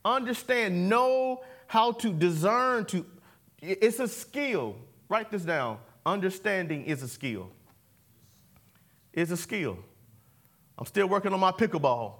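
A man's voice: high voice, animated, slow, a bit bright. A man preaching a sermon, calling for responses and repeating key words. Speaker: pastor. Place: church sanctuary.

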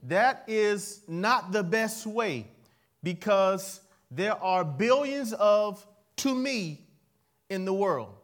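Male pastor, bright high register, playful call-and-response preacher who swings between quiet asides and punchy declarations. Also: lively intonation, extremely slow. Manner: playful, laughs at his own jokes. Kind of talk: sermon.

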